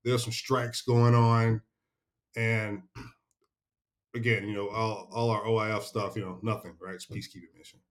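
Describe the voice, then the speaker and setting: Low-voiced middle-aged man telling war stories. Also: flat delivery, moderate pace. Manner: laid-back, chuckling, salty war-story telling. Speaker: podcast guest, retired senior military leader. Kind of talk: casual storytelling interview.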